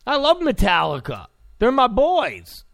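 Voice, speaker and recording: Male commentator, sarcastic ranter, high gravelly voice, unhurried delivery. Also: wildly swooping pitch, fairly bright tone, dry recording, clean studio sound. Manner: sarcastic, mocking, blunt. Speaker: political commentator. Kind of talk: ranting political commentary.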